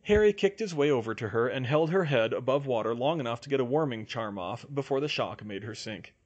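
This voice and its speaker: A man narrates a fantasy audiobook in a mid-range voice. His delivery is even and steady, a plain storytelling read that keeps moving without much fuss. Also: medium pitch, fairly quick, lo-fi sound. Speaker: audiobook reader. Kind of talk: audiobook narration of fan fiction.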